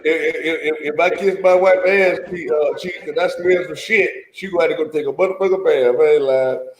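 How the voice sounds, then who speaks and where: A man reacting in casual banter, loud and laughing, with lots of profanity. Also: on the high side, fairly quick, echoey room, low-quality recording. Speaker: friend reacting.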